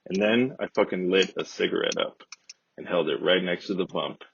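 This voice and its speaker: A man casually telling a rambling, profane, deadpan comedic story as a podcast host. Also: low-pitched, normal speed, creaky, heavy background noise. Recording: dull lo-fi dry recording.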